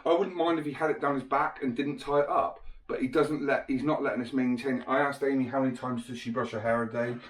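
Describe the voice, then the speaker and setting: A man's voice: medium pitch, steady tone, quick pace, hardly any pauses. A man, a parent, explaining his plan in a casual family vlog, chatty and persuasive. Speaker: parent vlogger.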